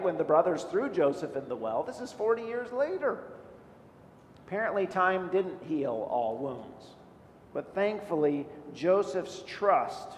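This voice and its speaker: A male pastor preaches in an earnest, searching way and leans on rhetorical questions. His voice sits a little high for a man. It rings through a large, echoey hall with a long tail of reverb and a faint low rumble underneath. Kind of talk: sermon.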